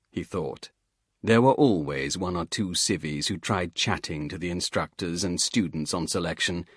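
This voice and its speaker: A man narrating an audiobook thriller in a measured, steady reading. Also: low voice, no room sound, clean studio sound. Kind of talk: scripted narration.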